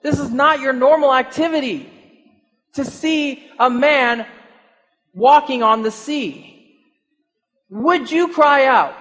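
A man's voice: very high-pitched, big-room sound. A man preaching a sermon, asking his listeners questions and chuckling now and then. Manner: animated, rhetorical questions, chuckles often.

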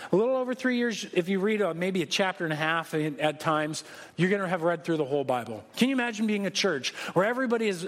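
A man preaching a sermon as pastor, conversational and joking but emphatic. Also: sits high. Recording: long hall reverb.

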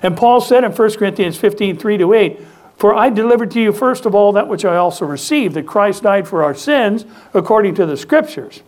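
A man with a high voice preaches a sermon in a church. He speaks with strong emphasis and prompts the congregation to call out responses. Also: lively intonation, brisk, darkish tone. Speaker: pastor. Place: church sanctuary.

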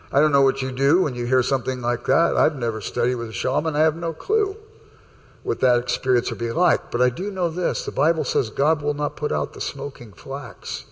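A pastor preaches a sermon conversationally, telling anecdotes and acting out the dialogue in his stories. His mid-range voice has vocal fry and a breathy edge, and the recording has a big-room sound.

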